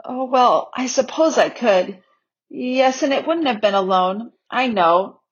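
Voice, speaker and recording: An earnest young storybook girl pleads in a high, breathless, slightly husky voice, as a woman reads her. The recording is a little dull and lo-fi. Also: a little slow. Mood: eager, pleading.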